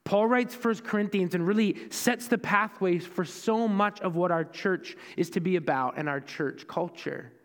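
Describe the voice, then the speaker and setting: A man's voice: high-pitched, normal speed, hardly any pauses, in a large hall. A young man preaching a sermon as pastor, in a conversational storytelling way with self-deprecating asides.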